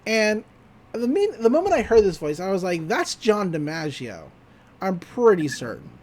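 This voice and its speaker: Lively podcast host recapping a cartoon episode. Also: mid-range voice. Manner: animated retelling, often laughing; slips into quick character voices.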